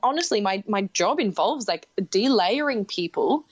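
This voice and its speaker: Excitable woman podcast host. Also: mid-range voice, breathy edge. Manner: enthusiastic, talks in rapid bursts with self-interruptions. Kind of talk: casual podcast conversation. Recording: dull, muffled podcast audio.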